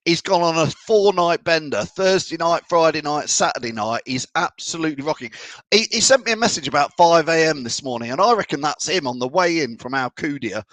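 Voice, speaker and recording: A man's voice: on the high side, animated, brisk, a bit bright, no echo. A man hosting a fan show, reading out viewer comments and bantering in a chatty way. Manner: chatty, banter-filled, laughs often. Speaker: fan channel show host.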